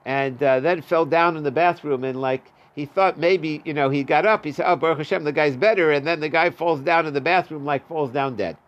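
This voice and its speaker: A man's voice: on the high side, a little fast, hardly any pauses, dull audio. A man teaching a Talmud class, reading the Aramaic and translating it in a casual, chatty way. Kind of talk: daf yomi Talmud class.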